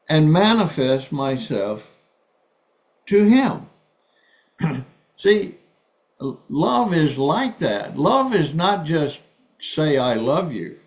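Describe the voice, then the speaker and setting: A man's voice: fairly high pitch, a little mellow. A man preaching a sermon, earnest, often repeating words as he restarts. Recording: dull lo-fi sound.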